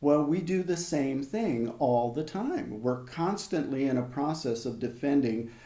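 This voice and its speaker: An older man working as a hypnotherapist, telling stories in an interview in a measured, conversational way with frequent restarts. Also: medium pitch, expressive, dark tone, reverberant. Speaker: hypnotherapist guest. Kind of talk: reflective storytelling in an interview.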